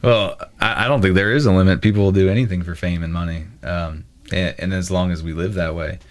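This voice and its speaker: A man in his late thirties, a podcast guest who talks in a halting way, thinking aloud in short bursts during a casual discussion. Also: low voice, steady tone. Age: 30s.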